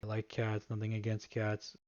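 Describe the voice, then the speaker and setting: A man giving a casual joke slideshow presentation, rambling and halting with frequent restarts. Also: lowish voice, completely flat delivery, darkish tone, dry recording, highs cut off.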